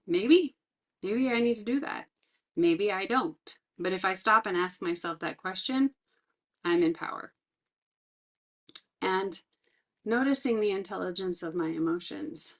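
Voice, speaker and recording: Earnest, reflective middle-aged woman trainer. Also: mid-range voice. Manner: reflective, earnest, slows down to stress key words. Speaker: resilience trainer. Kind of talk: personal talk with teaching.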